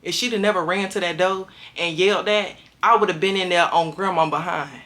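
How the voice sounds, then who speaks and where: Young woman, animated storyteller, bright and slangy, leaps up high for quotes. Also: fairly quick. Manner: emphatic, slangy, acts out quotes with big jumps in pitch. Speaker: vlogger telling a prison story.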